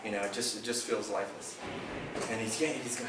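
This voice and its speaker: A man casually telling a fishing tournament story to a club meeting, animated and laughing as he acts out the dialogue. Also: mid-range voice, a little fast. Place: meeting room. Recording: echoey room from far off, background noise.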